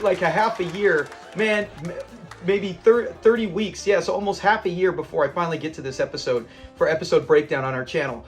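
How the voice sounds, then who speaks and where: A man's voice: high voice, moderate pace, soft background music. A man hosting a classic TV reaction channel, talking in an enthusiastic, rambling and sentimental way. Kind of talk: casual commentary.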